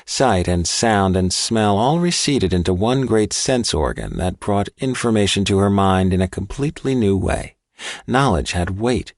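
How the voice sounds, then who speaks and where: A man narrating an audiobook in a measured, even reading. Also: lowish voice, dry recording, studio quality. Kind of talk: scripted narration.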